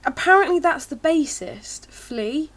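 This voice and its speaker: A woman's voice: high-pitched, animated, a little slow, a bit bright. A woman co-hosting a casual film podcast, giggly as she shares trivia. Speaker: podcast co-host.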